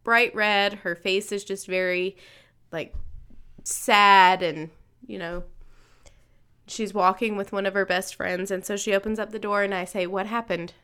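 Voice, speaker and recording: A woman's voice: mid-range voice, fairly even intonation, a little slow, bright, forceful tone, clear, resonant tone. A woman in her thirties co-hosting a podcast, telling a personal story in casual chat and acting out the voices she quotes. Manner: conversational, acts out quoted voices. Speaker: podcast co-host.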